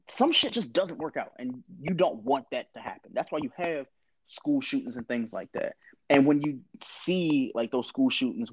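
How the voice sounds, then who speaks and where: A man in his thirties talks in a candid, profane storytelling way. The sound is dry and a bit dull. His pitch sits in an average range for a man. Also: a little mellow, dry recording. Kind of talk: casual conversation.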